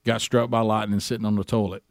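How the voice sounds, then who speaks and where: A man hosting a casual group chat, animated and acting out little dialogues as he tells a story, with lots of restarts. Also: lowish voice, quick pace, vocal fry, dry recording, clean studio sound.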